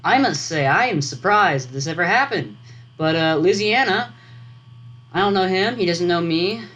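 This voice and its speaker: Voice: mid-range voice, lively intonation, moderate pace, muffled recording. Voice rambling through a vlog. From United States. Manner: meandering, self-correcting, thinking aloud. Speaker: writing vlogger. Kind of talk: casual rambling vlog commentary. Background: loud computer fan hum.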